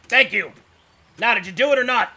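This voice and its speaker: A man voicing an injured male foreman who yelps and shouts in a high, strained voice in a tabletop game. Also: fairly quick, exaggerated voice. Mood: flustered.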